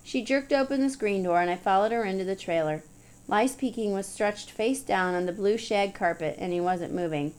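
A woman's voice: medium pitch, normal speed, a little mellow, clear, resonant tone. Woman narrating an audiobook. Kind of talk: scripted narration.

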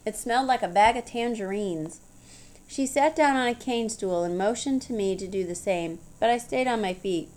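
A woman's voice: medium pitch, moderate pace, darkish tone. A woman reading a story aloud in an easygoing, storytelling manner, as audiobook narrator. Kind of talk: scripted narration.

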